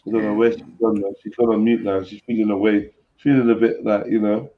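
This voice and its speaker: A man's voice: lowish voice, little pitch movement, quick pace. A man hosting a live stream, chatting casually with laid-back, slangy banter. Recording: slightly dull lo-fi stream audio.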